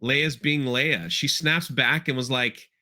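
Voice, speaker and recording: A man's voice: mid-range voice, takes it slowly, sharp tone. A man hosting a casual podcast, rambling through an episode recap with loose asides and playful character impressions. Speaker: podcast host. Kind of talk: casual chat.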